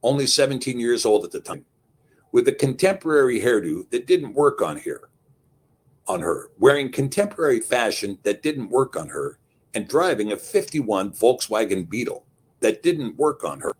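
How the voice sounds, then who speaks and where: A man narrating a story in a folksy, unhurried way. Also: medium pitch, very animated, a little mellow, slightly rough. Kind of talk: scripted narration.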